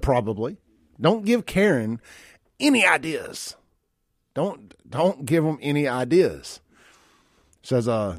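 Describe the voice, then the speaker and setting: A man's voice: medium pitch, no room sound, clean studio sound. A man hosting a talk radio show, chatting bluntly and reading listener texts aloud. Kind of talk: casual talk radio chat. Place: radio studio.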